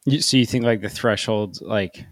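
Deadpan male podcast host. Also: on the low side, moderate pace, no echo. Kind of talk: casual podcast chat.

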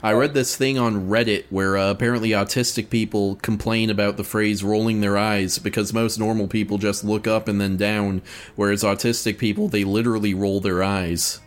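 A man in a casual podcast chat over an online voice call, making edgy jokes in a deadpan way. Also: lowish voice, moderate pace, soft background music.

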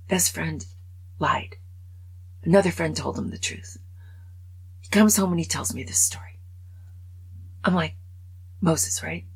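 A woman in her late sixties hosting a podcast, talking in a wry, chatty, self-mocking monologue with a gravelly, husky voice. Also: low-pitched, poor audio. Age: over 65. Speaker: podcast host. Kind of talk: casual monologue.

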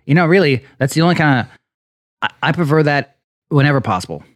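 A man in casual podcast chat, telling animated anecdotes and swearing freely. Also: on the high side. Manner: fast, profane, animated anecdotes. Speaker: podcast co-host.

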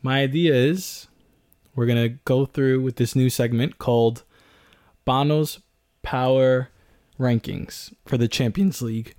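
Measured male podcast co-host. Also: medium pitch, a little mellow. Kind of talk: casual sports podcast chat.

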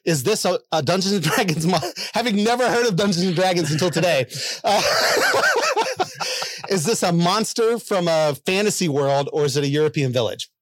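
A man's voice: sits high, sing-song, normal speed, a bit bright, no room sound, clean studio sound. A man hosting a casual group guessing game, chatty and laughing often. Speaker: host.

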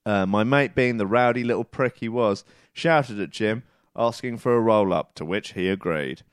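A man's voice: fairly low pitch, normal speed, clean tone, no echo, studio quality. A man co-hosting a podcast, reading out a listener's message with wry asides. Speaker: podcast co-host.

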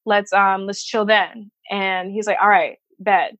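A woman's voice: mid-range voice, fairly even intonation, unhurried, a bit bright, no room sound, highs cut off. A woman from the Chicago suburbs telling a personal story to an interviewer, candid and emotional, swearing freely and acting out the voices of people she quotes. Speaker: interview guest.

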